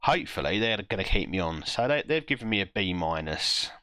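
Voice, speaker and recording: A man with a low-set but bright, forceful voice talks through his football management game live on stream. His pitch jumps around a lot as he groans and mocks himself over each result. The sound is close and dry, with no room in it. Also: very animated, brisk, dry recording. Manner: self-mocking, groaning reactions to match events.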